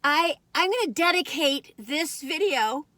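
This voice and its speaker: Older lady vlogging, high voice, rambly and giggly, dry close sound. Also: expressive, unhurried, bright, forceful tone, dry recording. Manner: rambling, goes off on tangents, laughs often. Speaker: food review vlogger. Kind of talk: casual chatty vlog.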